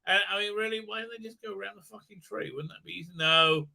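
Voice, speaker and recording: A man's voice: high voice, quick pace, gravelly, pushed and bright. A man hosting a livestream, ranting in sarcastic, profane commentary and mocking characters in silly voices, with many hesitant fillers. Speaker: show host.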